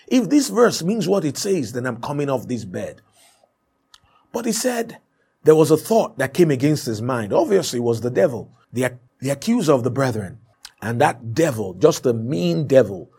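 A man delivers a sermon in a husky, slightly breathy voice. He tells a story and reads scripture slowly and deliberately, repeating key phrases for emphasis. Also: medium pitch, a little mellow. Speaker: preacher.

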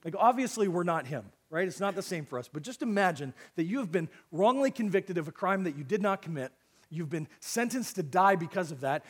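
Earnest preacher man, loud then hushed. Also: high voice, animated, husky. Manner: emphatic, swinging from loud exclamations to hushed lines; casual fillers and quick restarts. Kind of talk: sermon with scripture reading.

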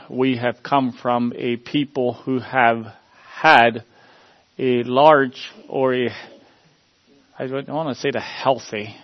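A man preaching as a pastor, praying and then giving a sermon in an earnest, halting way with repeated words and fillers. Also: mid-range voice, dry recording, highs cut off. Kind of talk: sermon with opening prayer.

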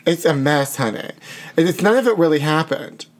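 A man in casual chat, recapping a film plot in a gossipy, campy way with quick asides and restarts. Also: on the high side, animated.

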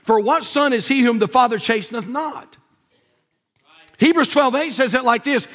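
A pastor preaches in a church, his voice sitting high and bright. He drops to near-whispers, then climbs to fervent shouts. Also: normal speed, big-room sound. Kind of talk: sermon. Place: church sanctuary.

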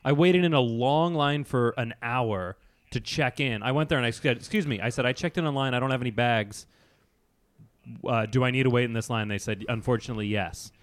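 A man's voice: medium pitch, a little fast. A man co-hosting a podcast, telling an annoyed travel anecdote in casual chat and acting out both sides of the dialogue. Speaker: podcast co-host.

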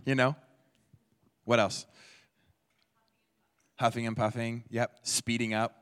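A man's voice: mid-range voice, steady tone, takes it slowly, long pauses, fairly bright tone. A man giving an interactive teaching talk at a church, speaking conversationally and repeating answers from the audience. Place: church hall. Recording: long hall reverb.

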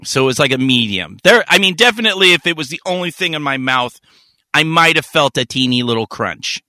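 Bright-voiced man telling a profane story. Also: a little high, animated, fairly quick, no room sound. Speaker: podcast co-host. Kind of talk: casual chat, storytelling.

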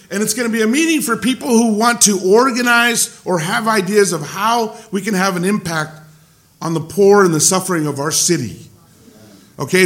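High, animated male preacher. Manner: conversational with frequent restarts, bursts of shouting for emphasis. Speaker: pastor. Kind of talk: sermon.

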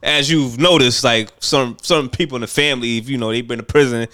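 A man's voice: medium pitch, a little fast, sharp tone, dry recording, studio quality. A man co-hosting a casual podcast chat, rambling and profane, full of fillers. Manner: laid-back, profane, rambling with many fillers. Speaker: podcast co-host.

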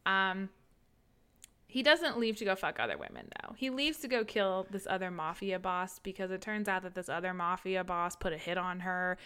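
A woman's voice: lowish voice, big pitch swings, normal speed, a bit bright, smooth. A woman co-hosting a podcast, recapping a book in a crude, playful, laughing casual chat. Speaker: podcast co-host.

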